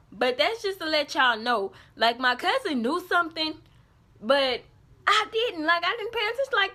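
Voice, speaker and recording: A young woman telling a casual storytime vlog, animated and acting out the people in her story. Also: a little high. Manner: animated storytelling, quoting others in put-on voices. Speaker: vlogger.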